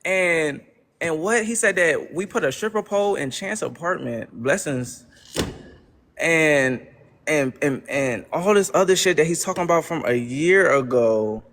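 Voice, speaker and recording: A man's voice: fairly high pitch, animated, measured pace, fairly bright tone. A young man hosting a livestream, ranting to his chat in casual slang and repeating exasperated rhetorical questions. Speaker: livestream host.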